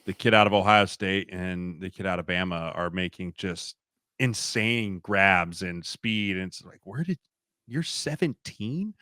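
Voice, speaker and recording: Low, bright-voiced laid-back male guest. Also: fairly even intonation, unhurried, smooth, no echo, clean studio sound. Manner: laid-back, says "like" often. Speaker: guest, former football player. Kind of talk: casual sports chat.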